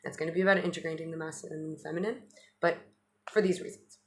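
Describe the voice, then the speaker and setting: A woman's voice: sits low, fairly even intonation, quick pace. Chatty woman giving an astrology update. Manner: chatty, repetitive restarts, occasional swearing. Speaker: astrologer vlogger.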